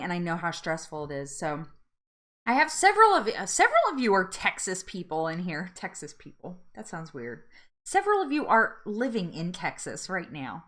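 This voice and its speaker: A woman's voice: lowish voice, a bit bright. A woman hosting a live weight loss support chat, chatting casually, laughing often and reading out viewer comments.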